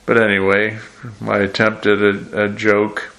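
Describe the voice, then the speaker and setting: A male preacher delivers a sermon in a slow, unhurried way, reading scripture and then explaining it. His voice sits on the low side with a gravelly edge, and he sometimes makes gentle jokes at his own expense. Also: completely flat delivery. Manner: slow, measured delivery with gentle self-deprecating asides.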